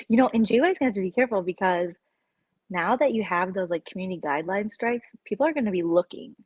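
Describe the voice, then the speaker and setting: A woman's voice: mid-range voice, animated, quick pace, husky, no room sound, lo-fi sound. A woman vlogger in casual live-stream chat, rambling and opinionated as she reacts to her viewers' comments.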